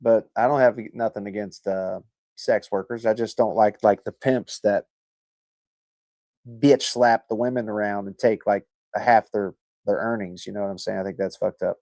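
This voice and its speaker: His voice is lowish and a little mellow, with a steady tone at normal speed, and there's no room sound. The man hosts a livestream, rambling in a laid-back way while chatting casually, reading viewer comments, and joking and swearing a lot.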